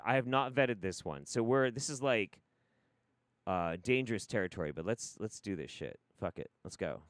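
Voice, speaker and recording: A man's voice: on the low side, lively intonation, normal speed, no echo, studio quality. A man hosting a live stream, talking casually in a profane, exasperated, rambling way.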